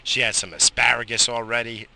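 With a mid-range voice, a brisk pace, and vocal fry, this morning radio host in his thirties rants casually outside while smoking. His rambling monologue is animated and full of profanity, with frequent coughs and sighs.

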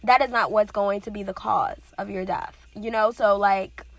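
Earnest woman with gravelly fry. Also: mid-range voice, fairly even intonation, normal speed, no room sound. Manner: earnest, conversational, frequent fillers and repetition. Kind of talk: casual motivational talk.

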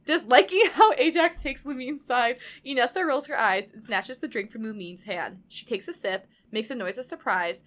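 A young woman podcast co-host narrating fan fiction aloud, with animated bursts when reading dialogue. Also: fairly high pitch, moderate pace, hardly any pauses.

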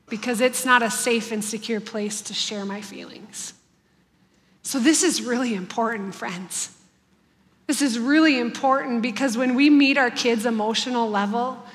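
Bright-voiced woman in a reverberant hall. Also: on the high side. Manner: earnest, heartfelt, conversational. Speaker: church speaker on family life. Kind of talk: devotional talk to a congregation.

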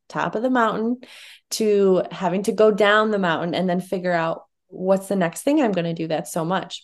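A woman's voice: medium pitch, a little mellow. A woman hosting a podcast, reflecting on her guest's story before asking a follow-up question. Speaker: podcast host. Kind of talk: conversational interviewing.

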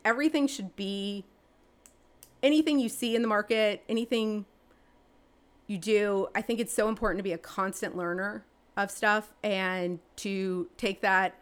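A woman, answering interview questions in a chatty way, with many fillers and restarts, her pitch jumping up when she gets excited. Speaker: real estate agent and team leader.

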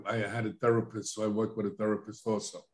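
A man's voice: fairly low pitch, level tone, quick pace. An older man talks plainly as an interview guest. He recounts events in a casual way, voicing the lines of the people involved. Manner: plainspoken, recounts with quoted dialogue. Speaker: guest, addiction counselor.

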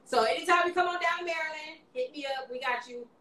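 A woman's voice: high-pitched, fast talker, sharp tone. A woman hosting a casual live-stream chat, giggly and playful, slightly slurring after some wine. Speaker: host. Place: home, Maryland area. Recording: echoey room, away from the mic.

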